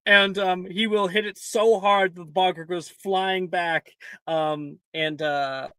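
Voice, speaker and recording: A man's voice: sits high, steady tone, slow pace, fairly bright tone, dry recording. A man narrating a tabletop game as game master in a loose, casual way, often breaking into laughter.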